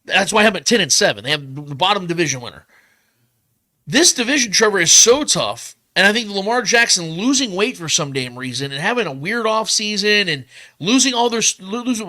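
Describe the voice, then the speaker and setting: Fast-talking high-voiced man arguing football. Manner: animated, talks fast and repeats himself to make points. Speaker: podcast host. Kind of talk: casual sports debate.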